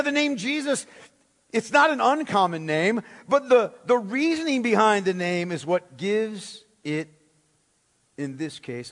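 A man's voice: sits high, fairly bright tone. A man preaching a sermon as pastor, emphatic, with rhetorical questions and words repeated for stress. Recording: long hall reverb.

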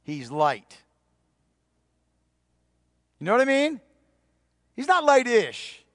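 A man preaching a sermon, emphatic, repeating key phrases and dropping to a hushed voice for stress. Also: very high-pitched, big pitch swings, measured pace, no room sound, studio quality. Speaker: pastor.

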